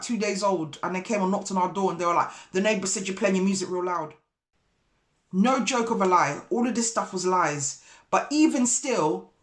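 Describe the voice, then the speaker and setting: A woman vlogger and broker, telling a story in an indignant, animated way. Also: medium pitch. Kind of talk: casual storytelling vlog.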